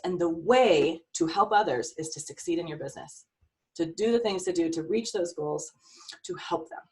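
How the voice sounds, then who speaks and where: A woman's voice: fairly low pitch, a little mellow, far from the mic. A middle-aged woman life coach giving an earnest, emotional, faith-filled pep talk to a team over a video call.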